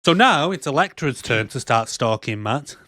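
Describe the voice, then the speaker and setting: A man co-hosting a movie podcast, recapping scenes in a loose, chatty way and breaking into laughter often. His voice sits in a middle pitch and is recorded dry, with no room sound. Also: lively intonation, normal speed, bright, forceful tone, no room sound. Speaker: podcast co-host. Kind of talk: casual movie roast chat.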